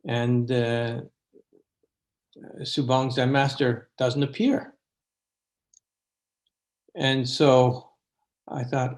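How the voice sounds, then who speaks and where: A man's voice: medium pitch, fairly even intonation, slow, creaky, long pauses. A man in his sixties, an abbot and Zen teacher, telling stories unhurriedly in an interview, with frequent fillers. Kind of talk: interview reminiscence.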